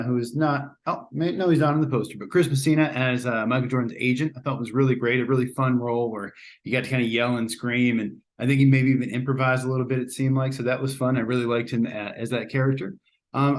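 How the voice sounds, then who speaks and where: A man's voice: mid-range voice, fast. A man hosting a casual spoken movie review, chatty and rambling, often hedging and restarting his sentences. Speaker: host.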